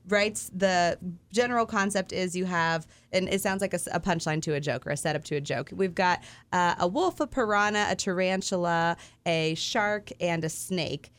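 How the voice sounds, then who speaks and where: A woman's voice: mid-range voice, moderate pace, a bit bright, smooth. A woman in her thirties, co-hosting a morning radio show, who talks casually and laughs often. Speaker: co-host.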